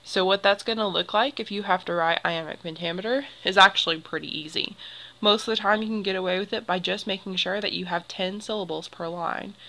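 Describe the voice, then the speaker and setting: A woman's voice: lowish voice, creaky, sharp tone, rough recording. A young woman teacher explaining poetry to a class, patient and step by step. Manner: explains patiently, draws symbols while talking.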